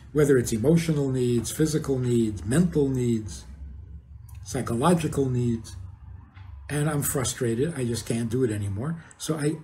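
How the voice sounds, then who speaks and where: A man's voice: medium pitch, dark tone. An older man, a rabbi, giving an informal talk to an audience, often asking questions and chuckling at his own points. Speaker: rabbi teaching.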